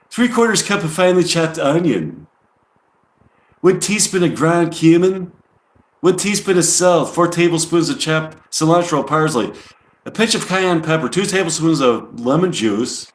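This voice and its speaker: A put-on New York accent from a female rock singer, as a man fakes her voice, rattling off ingredients in a lifted, lilting tone. The pitch leaps and swoops, and the sound rings in an echoey room. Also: animated, a little slow. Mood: recipe reading. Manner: reads ingredient lists in a raised, sing-song put-on voice.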